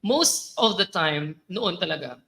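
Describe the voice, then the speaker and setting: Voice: medium pitch, lively intonation, a little slow, creaky, bright, forceful tone, rough recording. A young adult Filipino speaker giving a chatty, playful talk at a student orientation, laughing often. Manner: chatty, playful, mixes English and local phrases, laughs often.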